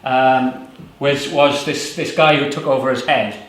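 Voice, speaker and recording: A man reading his own poems at a book launch, in slow measured lines with loose, rambling asides between poems. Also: mid-range voice, fairly even intonation, fairly bright tone. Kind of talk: live poetry reading with chatty asides. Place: small venue at a book launch. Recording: very echoey room.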